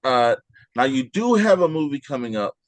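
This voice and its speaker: A man hosting an interview, asking questions in a relaxed, casual way and starting with "uh". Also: medium pitch, moderate pace, dry recording. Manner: relaxed, laughs along, filler "uh" before questions. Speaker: interview host.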